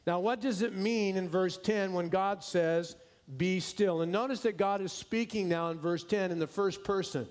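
A male pastor preaching a sermon, stressing key words slowly and dropping at times to a hushed tone. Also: sits high.

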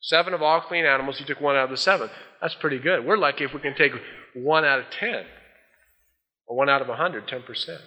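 A man's voice: mid-range voice, fast talker, bright, forceful tone. A male pastor preaching a folksy sermon, acting out the voices he quotes. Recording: dull old sermon tape in a large hall.

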